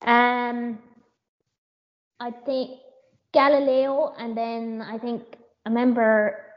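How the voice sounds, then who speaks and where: A woman's voice: fairly high pitch, little pitch movement, slow, lo-fi sound. A woman from Ireland with an Irish accent, a jockey answering interview questions in a casual, hesitant way with many fillers and restarts. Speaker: jockey, guest.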